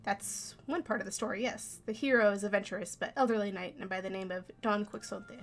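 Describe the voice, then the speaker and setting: A woman's voice: mid-range voice, steady tone, brisk, close to an everyday voice. A woman reading as a courteous young prince. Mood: earnest. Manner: courteous, formal storytelling. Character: polite earnest young male prince.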